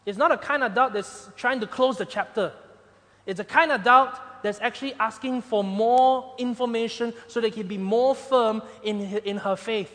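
A man preaching a sermon as pastor, swinging between loud emphatic points and quiet, soft passages. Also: high-pitched, moderate pace. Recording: long hall reverb.

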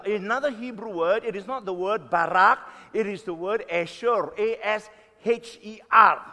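A pastor in his sixties preaching a sermon, emphatic, stretching key words slowly and swinging between loud and soft. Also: sits high. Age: 60s. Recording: long reverb of a hall.

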